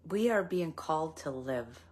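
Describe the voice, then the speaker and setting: A middle-aged woman giving a gentle, reflective spiritual talk with soft laughs now and then. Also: low voice, expressive, measured pace. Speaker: spiritual teacher. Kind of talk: spiritual talk, live stream.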